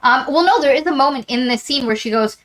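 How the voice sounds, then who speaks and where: A woman co-hosting a book podcast, with a fairly high voice. She recaps a novel's plot in a rambling, animated way, slipping into the characters' lines as she goes. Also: quick pace, low-quality recording. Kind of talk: casual book discussion.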